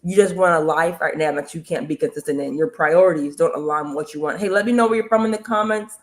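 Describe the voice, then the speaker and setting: A woman coaching viewers on a live stream, energetic and repetitive, often urging them to comment and follow. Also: low-pitched, quick pace. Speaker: online business coach hosting a live stream. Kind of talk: motivational live-stream talk.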